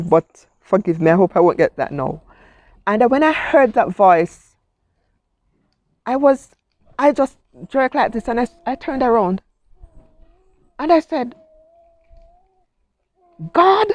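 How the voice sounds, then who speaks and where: Slow, heartfelt middle-aged woman. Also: mid-range voice, a little mellow, no room sound. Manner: heartfelt, emotional storytelling with quoted speech. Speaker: guest, cancer survivor. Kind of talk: personal testimony.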